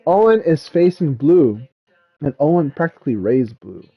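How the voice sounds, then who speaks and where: A man's voice: on the high side, sing-song, normal speed, slightly rough, highs cut off. A man talking casually as a dad vlogger, retelling a movie in a rambling way, full of fillers like "like" and "um.".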